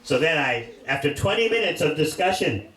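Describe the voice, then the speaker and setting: A man's voice: on the high side, normal speed. Older man telling stories in an echoey hall. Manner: animated anecdotes, laughing audience. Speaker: monk giving a class. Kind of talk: storytelling sermon. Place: temple hall. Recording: echoey hall, distant mic, faint hiss. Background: audience laughter.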